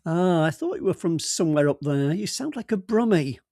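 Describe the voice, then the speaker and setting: A brusque, jovial middle-aged police boss, voiced by a man in an audiobook, booming out orders and brushing aside interruptions. His voice sits fairly high and is raised well above plain talk. The sound is dry and close. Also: very animated, normal speed, dry recording. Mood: bluff, bossy. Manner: loud, bluff and bossy, cuts others off. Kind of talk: audiobook character voice.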